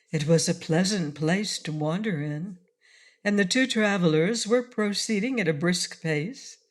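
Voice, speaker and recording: A woman narrating a children's audiobook in a clear, measured, expressive storytelling manner. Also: lowish voice.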